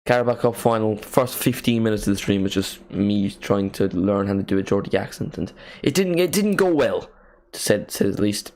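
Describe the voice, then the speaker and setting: Chatty man calling a live match, low-pitched. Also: moderate pace, slight background noise. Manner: chatty, jokey asides between excited calls of the action. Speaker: streamer hosting a live match watchalong. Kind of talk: casual live play-by-play commentary.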